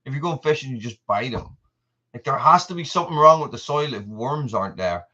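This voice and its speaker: A man's voice: medium pitch, lively intonation, fairly quick, sharp tone, lo-fi sound. An Irish man hosting a casual livestream, rambling from point to point and answering viewers' comments by name. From Ireland. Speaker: channel host.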